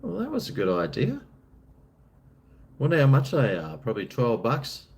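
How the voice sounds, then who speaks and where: A man's voice: mid-range voice, huge pitch swings, moderate pace, gravelly, a little mellow. An Australian man chatting casually on a live stream, answering chat in a laid-back, rambling, jokey way.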